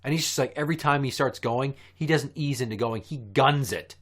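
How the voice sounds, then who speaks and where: A man's voice: medium pitch, fairly quick. Foul-mouthed man telling a story. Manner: profane, animated storyteller. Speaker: podcast host. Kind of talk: casual storytelling chat.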